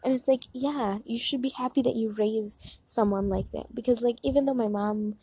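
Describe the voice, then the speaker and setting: A woman's voice: a little high, steady tone, moderate pace, warm tone, slightly rough, dry recording, poor audio. A young woman chatting casually and leading affirmations, rambling and filling her talk with "like" and "um". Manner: rambling, heavy use of "like" and fillers. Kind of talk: casual chat and guided affirmations.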